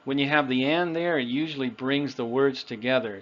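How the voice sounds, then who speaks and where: A man's voice: medium pitch, normal speed, fairly bright tone, dull audio. A man teaching English pronunciation, patiently and carefully spelling out example phrases for the listener to repeat. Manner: patient, over-enunciates example phrases for repetition. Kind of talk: slow, deliberate pronunciation lesson.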